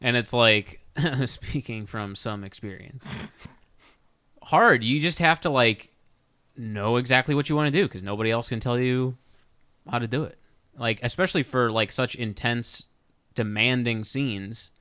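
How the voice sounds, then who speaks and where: A man's voice: mid-range voice, unhurried, pushed and bright, clean tone, no room sound, clean studio sound. A young man co-hosting a podcast, talking casually and enthusiastically about films he recommends. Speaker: podcast co-host. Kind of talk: casual chat about movies.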